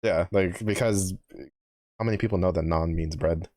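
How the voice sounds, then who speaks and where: A man's voice: sits low, moderate pace, darkish tone, no room sound, studio quality. A man with a Texan accent streaming a game, talking in a rambling, casual way and swearing often. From Texas. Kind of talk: casual chat.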